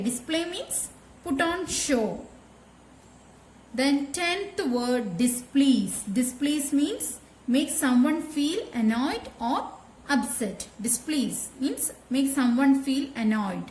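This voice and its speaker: A woman teacher explaining a grammar lesson slowly, repeating key words and checking with "okay?". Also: sits high, animated, reverberant, a little hiss or hum. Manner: slow, repetitive explaining with frequent "okay?" checks. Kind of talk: classroom lesson.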